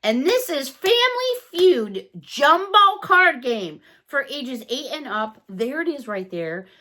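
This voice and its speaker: Woman, excitable haul chatter, high bouncy voice. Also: slow, slight background noise. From Chicago, USA. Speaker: haul vlogger. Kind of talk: casual unboxing chat.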